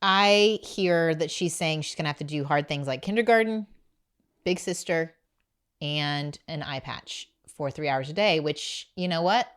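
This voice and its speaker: Low-voiced chatty woman host. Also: clean tone. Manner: chatty and animated, quick asides, rising emphasis. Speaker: podcast host. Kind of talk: casual chat.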